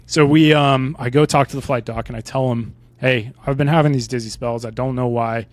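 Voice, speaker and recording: A retired Army pilot in his forties, American-accented, tells his story as a podcast guest in a casual, conversational way, often checking in with "right?". His mid-range voice holds a steady tone at a fairly quick pace, with no room sound.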